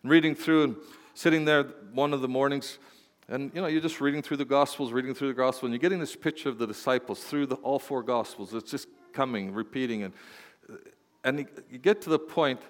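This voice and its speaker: A man preaching a sermon as pastor, playful and animated, swinging from quiet asides to loud exclamations. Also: medium pitch, a little fast. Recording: long hall reverb.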